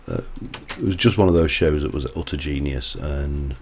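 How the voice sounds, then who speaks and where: This man's voice rumbles low and gravelly, with a darkish tone, a moderate pace and few pauses, over slight background noise. As a livestreamer giving casual gameplay commentary, he chats and rambles, digressing into side stories mid-task.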